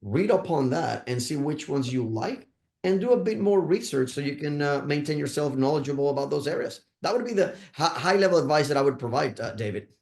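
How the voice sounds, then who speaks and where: A podcast guest from Puerto Rico, a man with a gravelly, fry-tinged voice. He speaks thoughtfully, often restarting and listing his points one by one. The room around him is noticeably echoey. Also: fairly high pitch, lively intonation, brisk, darkish tone. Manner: thoughtful, many restarts, lists advice point by point. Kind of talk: podcast interview.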